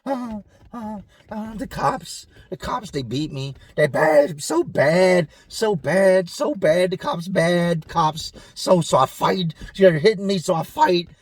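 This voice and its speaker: A man's voice: sits high, lively intonation, slow pace, few pauses, husky, no echo, voice pushed up, heavily acted. A man voicing a distraught young male inmate who sobs for his mother in short, repeated, broken phrases. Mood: frantic. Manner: repetitive, broken, pleading phrases.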